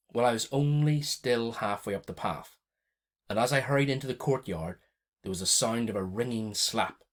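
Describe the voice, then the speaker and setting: Low-pitched male narrator; steady, measured storybook reading. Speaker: audiobook narrator.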